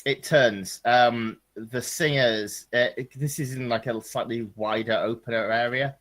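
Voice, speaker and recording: A man's voice: mid-range voice, fairly even intonation, measured pace, fairly bright tone. A man narrating as game master of a tabletop game, hesitant with many ums and restarts.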